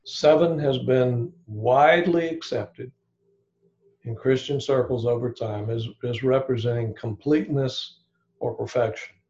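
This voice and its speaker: Man, Bible class teacher, rambling, thinks aloud, mellow voice, muffled lo-fi recording. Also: mid-range voice, a little slow. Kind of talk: informal evening teaching.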